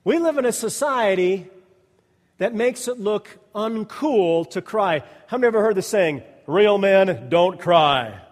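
A man's voice: sits high, animated, moderate pace, a little mellow. A male pastor preaching a sermon, emphatic and repetitive, calling out to the congregation and asking them to respond. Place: church sanctuary. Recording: long reverb of a large hall.

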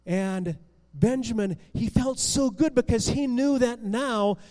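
A man telling a Bible story to children in a chatty, animated way, often restarting words, in a room with long reverb. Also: very high-pitched, slow. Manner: animated, conversational, with repeated restarts.

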